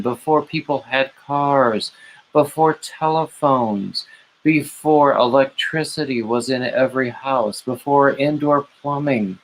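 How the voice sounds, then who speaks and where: A man's voice: mid-range voice, slow pace, a little hiss or hum, poor audio. A man hosting a late-night livestream, rambling on and greeting chat viewers by name with gushing, emotional asides. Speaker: livestream host.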